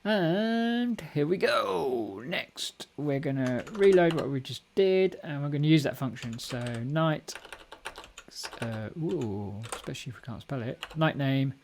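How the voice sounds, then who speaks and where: A man with a somewhat high, expressive voice speaks at a measured pace while hosting a casual live coding stream from a home room at his computer, learning a programming language. He thinks aloud and corrects himself, with keyboard typing, clicks, and slight background noise behind him.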